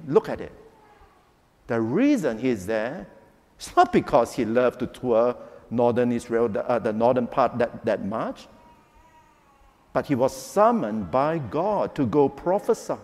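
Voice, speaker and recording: Animated high-voiced male preacher. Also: in a large hall. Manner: animated preaching, acting out quotes. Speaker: pastor. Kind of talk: sermon.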